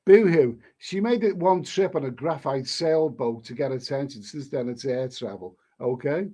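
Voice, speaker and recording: A man's voice: mid-range voice, normal speed, mellow. A man hosting a casual live stream, reading viewer comments aloud and answering them with rambling, chuckling asides and many restarts.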